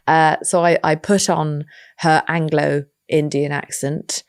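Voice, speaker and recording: A woman, telling an animated anecdote as an interview guest, swearing freely and acting out voices. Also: low-pitched, takes it slowly, smooth, no echo, studio quality. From England. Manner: lively storyteller, swears freely, acts out voices. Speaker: actress guest.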